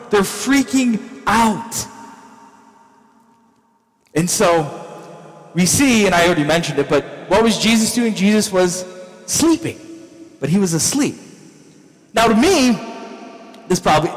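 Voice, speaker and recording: A male pastor preaching a sermon in a church, with animated storytelling that acts out scenes. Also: sits high, in a large hall, poor audio.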